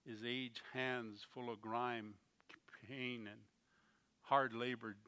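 Slow, bright-voiced preacher telling a story. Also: male voice, mid-range voice, level tone, clear, resonant tone. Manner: slow, emotional storytelling with swings in loudness. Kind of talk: sermon with a told story.

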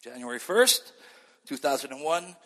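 A man's voice: mid-range voice, moderate pace. A man from Canada giving a sermon-style personal testimony, telling his story with acted-out dialogue. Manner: storytelling, acts out dialogue, animated. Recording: long reverb of a large hall.

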